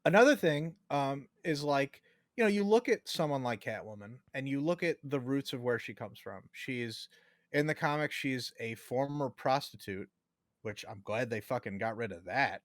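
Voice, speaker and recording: A man co-hosting a casual podcast discussion, talking in an animated way and swearing casually. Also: mid-range voice, moderate pace, no echo, studio quality. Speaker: co-host.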